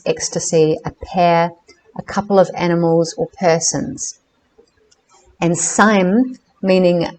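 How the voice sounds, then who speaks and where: A woman reading a book aloud in a careful, measured way, now and then correcting herself on hard names. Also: lowish voice, darkish tone, low-quality recording. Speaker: reader of a book.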